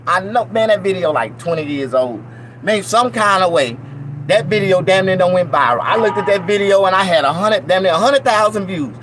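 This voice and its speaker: Here the Southern-accented vlogger, a middle-aged man from Mississippi, sounds high-pitched and speaks at a normal speed against background noise. His monologue to viewers is rambling, profane, animated and loose, punctuated by mock-preaching asides.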